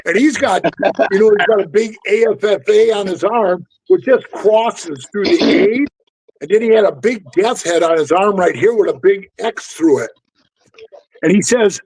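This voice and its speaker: Rough-talking middle-aged man, high voice. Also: lively intonation, moderate pace, darkish tone, dry recording, low-quality recording. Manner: blunt, profane, keeps saying "bro". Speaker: former motorcycle club member telling stories. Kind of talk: casual storytelling chat.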